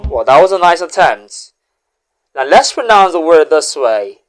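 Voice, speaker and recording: A woman hosting a pronunciation lesson, saying each word slowly and repeating it as a drill. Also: mid-range voice, sing-song. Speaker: diction teacher and host.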